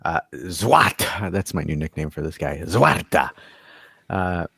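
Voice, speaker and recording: A man's voice: sits low, measured pace, gravelly, sharp tone, no room sound, clean studio sound. A man hosting a casual call-in sports podcast, reading viewer comments and arguing his point with lots of stammered restarts. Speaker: host.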